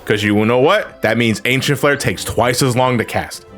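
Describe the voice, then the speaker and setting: A man's voice: mid-range voice, normal speed, a bit bright, faint music behind. A man chatting casually while streaming a game, rambling with restarts and fillers and swearing freely. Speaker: streamer playing an online game. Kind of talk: casual gaming chat.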